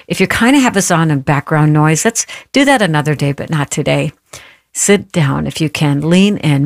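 On her faith talk show, a woman radio host earnestly tells a heartfelt personal story and speaks straight to listeners to lift them up. Her low voice carries vocal fry, recorded in clean studio sound without echo.

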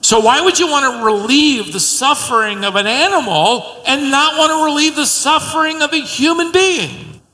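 A man preaching with an animated storyteller's delivery, his voice high and bright. Now and then he acts out a quoted line. The sound carries a long reverb from the sanctuary around him. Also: normal speed, few pauses. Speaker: pastor. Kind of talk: sermon.

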